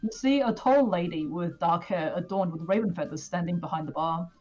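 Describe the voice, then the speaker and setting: A woman narrating as game master of a tabletop game, casual and halting, with many fillers. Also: fairly low pitch, darkish tone, muffled recording, soft background music.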